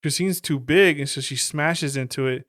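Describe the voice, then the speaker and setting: A man with a somewhat high voice co-hosts a podcast and talks about movies in a relaxed, profane way. The recording is dry and close-miked. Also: normal speed, dry recording. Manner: laid-back, profane. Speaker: podcast co-host. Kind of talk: casual chat about movies.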